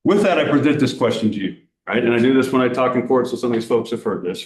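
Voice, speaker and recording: A man's voice: medium pitch, quick pace, echoey room, poor audio. A man from law enforcement giving an earnest public talk at a council meeting, asking the audience rhetorical questions.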